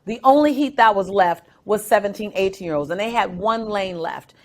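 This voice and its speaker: A middle-aged woman, a guest, telling a story with dramatic, animated delivery. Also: medium pitch, moderate pace. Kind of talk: storytelling interview.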